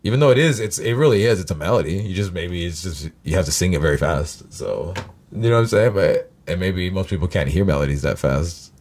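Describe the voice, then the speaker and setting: Brief: deep-voiced male host, casual, profane, rambling reaction chat. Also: animated, brisk, darkish tone. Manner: profane, rambling, many fillers.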